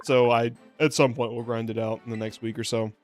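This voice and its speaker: A hoarse young man chatting casually while streaming a video game, rambling, joking at himself and laughing often. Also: medium pitch, level tone, a little fast, a little mellow, faint music behind. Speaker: VTuber streamer. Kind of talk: casual gameplay stream chat.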